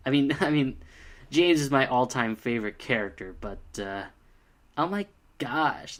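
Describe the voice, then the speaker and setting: A man's voice: mid-range voice, a little slow. A young man giving a casual, exasperated video review, full of fillers like "uh" and "like.". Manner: exasperated, animated, many fillers.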